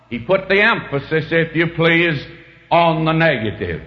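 A man preaching a sermon, slow and emphatic with dramatic swings in pitch. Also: expressive, dull audio.

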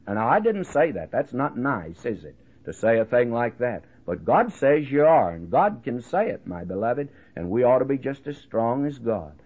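A middle-aged man preaching a radio sermon in a folksy, conversational way, often pausing with "uh" and "my friend". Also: medium pitch, breathy edge. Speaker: radio Bible teacher. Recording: tinny phone-like radio broadcast.

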